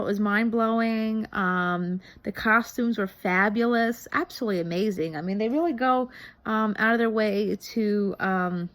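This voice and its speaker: A woman's voice: mid-range voice, fairly bright tone. A woman in her thirties chatting casually as a vlogger reviewing a TV show, rambling with many ums and restarts. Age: 30s. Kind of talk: casual chat.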